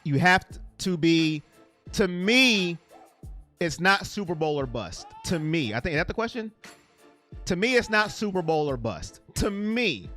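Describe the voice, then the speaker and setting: A man hosting a casual live stream chat, rambling excitably and reading viewer comments aloud. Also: high-pitched, measured pace, soft background music.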